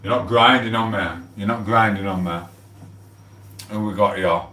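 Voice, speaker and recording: A man rambling through a casual livestream, swearing freely and giving loud shout-outs to people. His voice sits fairly low. It sounds echoey and distant, as if he is set back from the mic in a bare room. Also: steady tone, moderate pace. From England. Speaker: livestream host.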